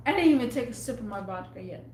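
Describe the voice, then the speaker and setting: A young woman vlogger rambles through an exasperated rant, venting casually to her viewers. Her fairly high voice is animated, fast and dark-toned, echoing around a room at home with a slight hiss or hum underneath.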